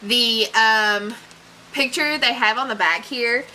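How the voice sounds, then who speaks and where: A woman's voice: fairly high pitch, takes it slowly, sharp tone, slight background noise, rough recording. A young woman unboxing books in a casual vlog, chatty and gushing, with fillers and little laughs. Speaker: book unboxing vlogger. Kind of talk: casual unboxing chat, reading blurbs aloud.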